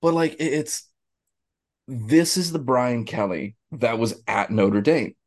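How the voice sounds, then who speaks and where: A man's voice: mid-range voice, slow pace. Rambling man in casual sports talk. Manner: rambling, animated, frequent restarts and laughs. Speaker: podcast co-host.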